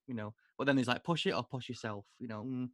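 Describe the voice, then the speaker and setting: A man hosting a casual podcast chat, rambling with fillers and quick to joke. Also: medium pitch, crowd noise. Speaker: podcast host.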